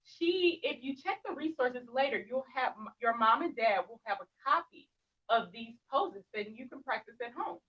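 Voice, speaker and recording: A woman's voice: sits high, lively intonation, moderate pace, a bit bright. A young woman leading a children's yoga class, playful and encouraging, with sing-song prompts. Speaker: kids yoga teacher. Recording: muffled sound, distant from the mic.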